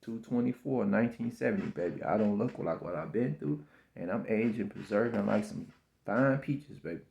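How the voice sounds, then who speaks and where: Gravelly man in his fifties musing. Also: lowish voice, a little mellow, muffled recording. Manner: slow, repetitive, preachy, calls listener baby. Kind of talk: rambling spiritual self-affirmation monologue.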